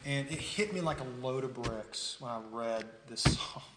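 A man from the United States preaching a sermon, telling a story in a conversational, animated way with frequent restarts. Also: mid-range voice, normal speed, heavy background noise. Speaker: pastor. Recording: roomy hall with long reverb.

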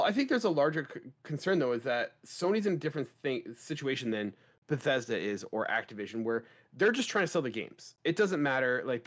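A man co-hosting a gaming podcast, talking in an emphatic way and asking rhetorical questions. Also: mid-range voice. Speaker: podcast co-host. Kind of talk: casual chat.

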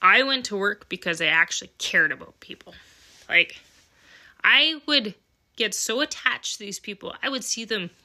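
Woman podcast host, solo monologue, bright and forceful tone, heartfelt and blunt. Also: medium pitch, animated, moderate pace. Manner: earnest, emotional, swears casually. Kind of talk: candid personal monologue.

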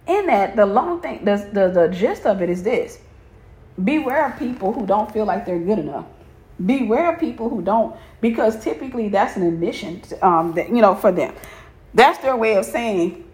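A woman's voice: mid-range voice, roomy sound. A woman telling a personal story to her viewers, stressing points by repeating phrases. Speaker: faith and relationship talk host.

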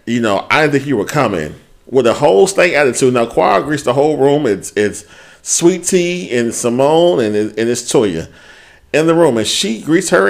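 Casual chat host, man, animated and profane, mid pitch. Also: gravelly. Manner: quotes people in put-on voices. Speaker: podcast co-host.

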